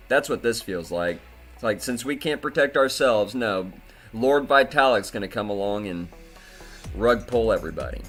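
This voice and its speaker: A man's voice: medium pitch, big pitch swings, moderate pace, a bit bright, faint music behind. A man hosting a crypto commentary video, talking in an indignant, profane way and often repeating himself. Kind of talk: angry commentary rant.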